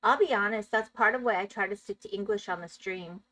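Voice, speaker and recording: A woman's voice: mid-range voice, a little fast, pushed and bright. A woman live-streaming a game, chatting casually with her viewers and laughing often. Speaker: Minecraft streamer. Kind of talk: casual live-stream chat while gaming.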